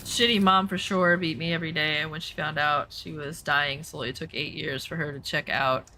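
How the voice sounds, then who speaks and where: Bright-voiced woman chatting while gaming. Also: deep voice, steady tone, a little fast, a little hiss or hum. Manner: candid, rambling, many fillers. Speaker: game streamer. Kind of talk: casual chat while playing a game.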